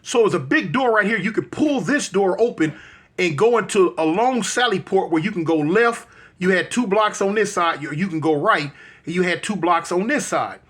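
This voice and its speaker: High bright-voiced man telling a story. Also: lively intonation, normal speed, breathy edge. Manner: slangy, conversational, frequent "you know what I'm saying". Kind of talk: casual spoken storytelling.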